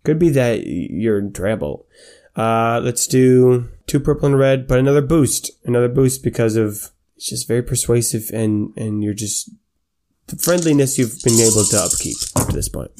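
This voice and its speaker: A man narrating a tabletop game as its game master. He talks in a relaxed, halting way and often repeats words. His voice is mellow and warm. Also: medium pitch.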